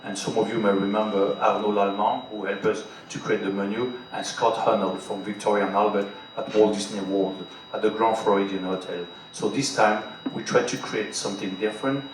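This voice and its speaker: A cruise beverage director with a French accent, speaking a language other than his first, animatedly promotes a cruise restaurant during a panel talk, addressing a live audience directly and repeating "trust me." His fairly low voice is brisk, with hardly any pauses. Captured in a large, echoey hall with an audience, the distant mic picks up faint noise.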